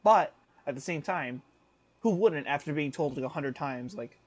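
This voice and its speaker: A man's voice: on the high side, expressive, normal speed. A young man in his twenties telling a story on a casual podcast, rambling with fillers and self-corrections and laughing often. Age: 20s. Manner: laughs often while talking. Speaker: podcast co-host.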